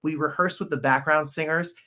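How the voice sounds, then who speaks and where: Excitable chatty male podcast host. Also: fairly high pitch, a little fast. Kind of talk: casual livestream chat.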